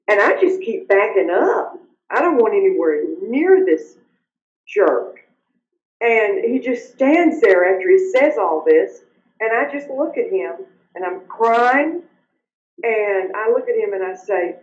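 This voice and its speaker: A woman's voice: medium pitch, expressive, a little mellow. Older woman, roomy muffled audio. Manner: earnest storyteller, halting when upset. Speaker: guest. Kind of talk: personal testimony in interview.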